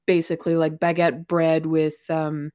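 A woman's voice: deep voice, monotone, normal speed, dark tone. A woman player in a tabletop game, describing things in a rambling way with many fillers.

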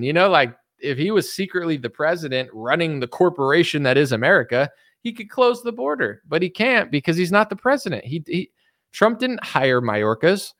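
A man doing casual political commentary, talking quickly and mockingly with many fillers and acted-out quoted voices. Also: fairly high pitch, big pitch swings, a bit bright, no echo, studio quality. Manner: rapid, mocking, full of fillers.

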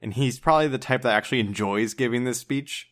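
A man's voice: medium pitch, fast, a bit bright. Casual man thinking aloud at a game table. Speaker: player.

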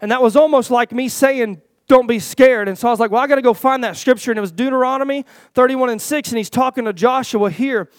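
High, smooth-voiced man preaching a folksy sermon. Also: quick pace, hardly any pauses, no room sound. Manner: folksy, repeats words, asks the church "Is that right?"; rises louder and higher toward the close.

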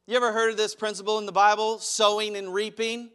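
Animated bright-voiced male preacher. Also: extremely high pitch, brisk, smooth. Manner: animated preaching, acts out quotes, chuckles. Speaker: pastor. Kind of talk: sermon.

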